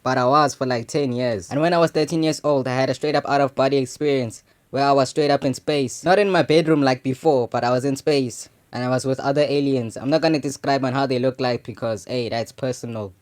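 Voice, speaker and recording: A man's voice: mid-range voice, steady tone, brisk, few pauses. Slangy young man telling a story. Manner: slangy and loose, full of "you know what I'm saying" fillers. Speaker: channel host. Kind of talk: casual storytelling monologue.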